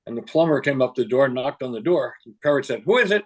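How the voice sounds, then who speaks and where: A man's voice: mid-range voice, quick pace, darkish tone. A man telling jokes and chatting casually on a video call. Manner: jokey joke-teller. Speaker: meeting participant.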